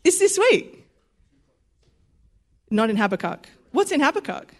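Her voice sits high with big swings in pitch as this young Australian preacher delivers a sermon unhurriedly. She keeps it conversational and chatty, acting out small quoted voices and laughing readily.

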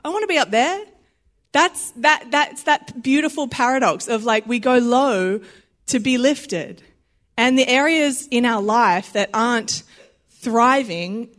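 A woman's voice: a little high, a bit bright. A young Australian woman giving a sermon in a chatty, conversational way, acting out little quoted voices and laughing easily. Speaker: preacher.

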